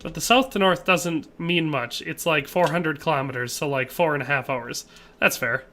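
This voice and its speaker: At a moderate pace, a man from Wisconsin, USA, talks in a slightly high, sharp voice. Playing a game on his live stream, he chats casually, reading out viewer comments and responding to them.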